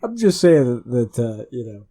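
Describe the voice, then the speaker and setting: A man's voice: mid-range voice, very animated, normal speed, warm tone. A man who is a tabletop game player, chatting casually and laughing, swearing freely.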